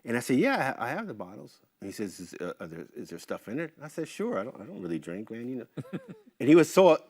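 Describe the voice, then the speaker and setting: A middle-aged man as an interview guest, telling casual stories in an animated way, swearing freely and acting out what others said. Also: medium pitch, quick pace, dry recording, clean studio sound. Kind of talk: casual storytelling.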